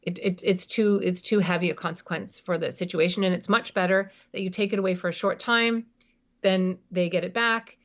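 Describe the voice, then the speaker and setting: A woman's voice: on the low side, fairly even intonation, highs cut off. Emphatic woman parenting expert. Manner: emphatic, explanatory, quick to act out examples. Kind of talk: podcast interview.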